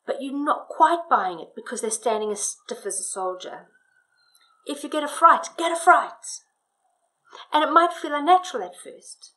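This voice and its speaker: A woman giving a spoken lesson on storytelling, expressive and emphatic, changing her loudness for effect. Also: fairly high pitch, rough recording. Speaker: storytelling coach. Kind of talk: instructional talk on public speaking.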